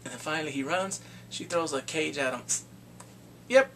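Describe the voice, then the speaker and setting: A man casually recapping a TV drama, animated and laughing often as he acts out lines. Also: a little high, fast, a little hiss or hum. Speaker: drama review vlogger.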